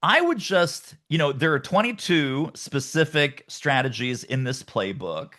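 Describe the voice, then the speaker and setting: Animated, bright-voiced male guest. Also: fairly high pitch, unhurried. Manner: emphatic, animated, acts out quoted voices. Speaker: guest author and sales coach. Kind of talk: energetic podcast interview.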